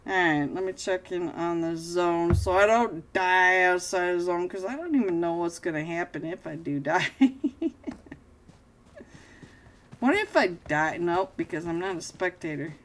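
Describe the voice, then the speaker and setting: A young adult woman live-casting a mobile battle royale match, excitable and self-mocking, jumping between play calls and chat with viewers. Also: on the low side, unhurried, slight background noise. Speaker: esports caster. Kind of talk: live game commentary.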